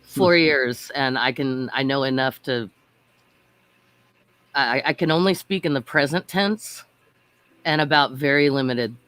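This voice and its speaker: A woman's voice: rumbling low, a little slow, pauses often, a bit bright, no room sound. Hesitant, laughing woman on a video call. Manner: hesitant, self-mocking, laughs often. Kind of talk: casual video-call chat.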